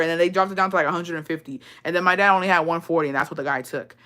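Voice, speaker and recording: A woman telling a casual storytime, profane and animated, mixing in Spanish phrases and laughing often. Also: on the low side, very fast. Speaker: vlogger.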